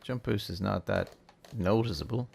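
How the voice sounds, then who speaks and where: A man hosting a relaxed, chatty game tutorial, thinking aloud as he plays. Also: on the low side, moderate pace, vocal fry, breathy edge. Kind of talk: casual gameplay tutorial.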